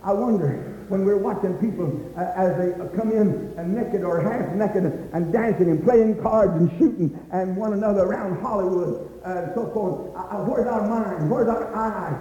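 A man preaching a fervent revival sermon, crying out praise, repeating "my dear friend," and rising into shouts. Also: high-pitched. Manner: rises into shouts and slows for emphasis. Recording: dull, echoey hall recording.

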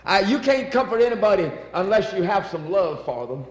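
A fervent male preacher with a high voice delivers a sermon, repeating his phrases and reading scripture aloud. His voice rings through a large hall with a long, echoing tail. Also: sing-song, fairly quick. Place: church. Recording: echoey hall.

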